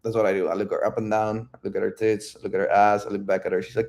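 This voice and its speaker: A man working as a dating coach, telling viewers a dating story in a blunt, profane, unhurried way. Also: lowish voice, steady tone, darkish tone.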